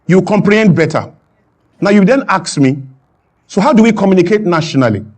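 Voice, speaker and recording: A man speaks with a fairly high voice. He argues his point with passion, hammering phrases through repetition. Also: animated, a little fast. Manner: emphatic, repeats lines for effect, rising to shouts. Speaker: guest speaker. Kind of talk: impassioned talk on a stage.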